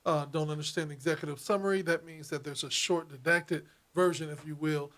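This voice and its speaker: A man with a fairly high voice co-hosts a political talk show. He speaks emphatically and hammers his points home through repetition, rising in intensity like a preacher. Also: fairly even intonation, a little fast, a bit bright. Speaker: co-host.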